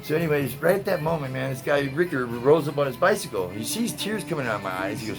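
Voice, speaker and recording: A man's voice: medium pitch, lively intonation, quick pace, poor audio. Man, laid-back casual talker, video host, says "man" a lot, music playing behind. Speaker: tie-dye video host. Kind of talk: casual storytelling to viewers.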